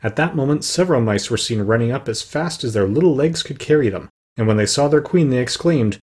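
A man reading a storybook aloud as narrator, steady and plain, with the odd small slip. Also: mid-range voice, a little fast, few pauses, slightly rough. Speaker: audiobook narrator.

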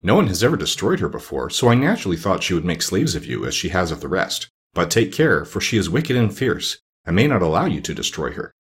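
Man putting on a grave polite gatekeeper, low voice, storybook. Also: very animated, fast, hardly any pauses, husky, heavily acted. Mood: solemn. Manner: solemn, cautioning. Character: polite male gate guardian, grave warning.

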